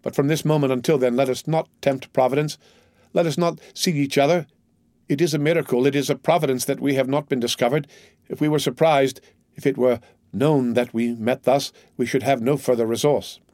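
A man voicing a devout, torn young woman who pleads with her lover, read in an earnest, measured way. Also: medium pitch, steady tone, darkish tone, no room sound, studio quality, natural voice. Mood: resolved. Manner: earnest, imploring, measured reading. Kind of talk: audiobook character reading.

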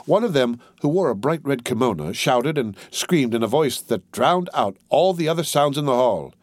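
Brief: male audiobook narrator, mid-pitched, steady and measured, dry close sound. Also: no echo.

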